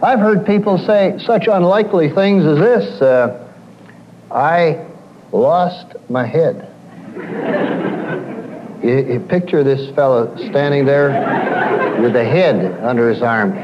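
A man speaking to a live audience as a counselor, his voice pitched a little high and moving a lot as he acts out his clients' complaints. The recording sounds dull and dated, with a faint hiss behind it. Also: a little slow, crowd noise. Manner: animated storyteller, acts out quoted clients.

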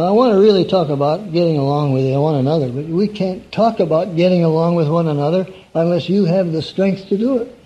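A man with a slightly high, warm voice preaches an evening sermon in a folksy, conversational style, frequently posing questions to his listeners. The recording is dull and lo-fi.

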